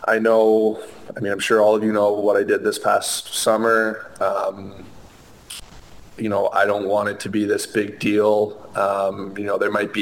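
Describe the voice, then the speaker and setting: A young man speaks as a guest in a sit-down interview, his voice low and fairly monotone. He talks earnestly, circling back and restarting his sentences with frequent fillers. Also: gravelly. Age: young adult. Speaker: interview guest, hockey player. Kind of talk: conversational interview.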